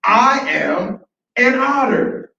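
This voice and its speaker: A small hatchling creature asks earnest questions about what it is, as a man puts the voice on. The voice sits high. It sounds dull and far off, with heavy echo. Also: expressive, takes it slowly, a little hiss or hum. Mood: proud. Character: curious little creature, a pair of eyes.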